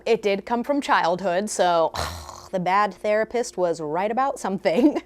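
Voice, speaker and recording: A young woman vlogger telling a personal story candidly, with self-mocking humor. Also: medium pitch.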